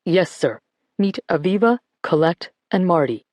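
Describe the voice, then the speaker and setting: A narrator voicing a patient, gentle man who speaks kindly to an old relative. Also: high voice, expressive, unhurried, dry recording. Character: gentle middle-aged man, a museum keeper.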